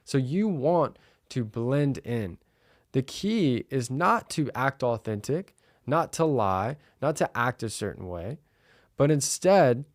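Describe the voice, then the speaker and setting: Energetic man coaching on sales. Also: medium pitch, no echo, studio quality. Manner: energetic, acts out customer dialogue. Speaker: podcast host.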